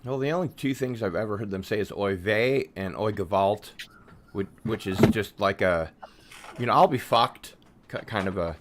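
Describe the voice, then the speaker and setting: A man's voice: on the low side, moderate pace, very noisy. A man in a casual online panel chat with a wry, sardonic manner.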